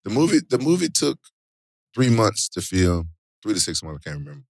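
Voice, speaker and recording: A middle-aged man with a fairly low voice talks casually in slangy speech as an interview guest. His storytelling turns animated, with loud exclamations. The sound is dry and close. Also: a little fast, gravelly, dry recording. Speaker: interview guest, former fighter and actor.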